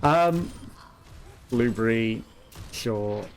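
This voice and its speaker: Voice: medium pitch, animated, extremely slow. A let's play host giving casual gameplay commentary, chatty and jokey, laughing often and calling out to teammates.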